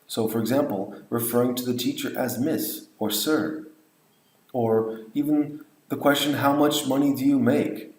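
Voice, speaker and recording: A man's voice: mid-range voice, unhurried, darkish tone, roomy sound, poor audio. A man lecturing on language teaching, explaining points and modeling example phrases. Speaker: English teacher trainer.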